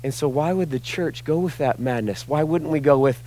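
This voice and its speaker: A man preaching a sermon as pastor, impassioned, swinging between loud emphasis and hushed asides. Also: a little high, moderate pace, slight background noise, poor audio.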